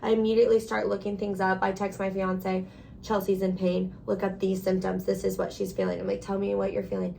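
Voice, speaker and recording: A young woman chatting casually on a podcast, telling a story with animated quoted lines. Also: mid-range voice, a little fast, gravelly, slight background noise. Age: young adult. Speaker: podcast co-host, sister. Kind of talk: casual chat.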